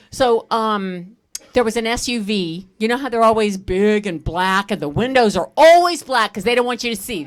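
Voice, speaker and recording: A middle-aged woman doing a stand-up comedy set on a stage, telling animated stories and breaking into laughter. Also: medium pitch. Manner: animated storytelling with bursts of laughter. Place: comedy stage at a live fundraiser.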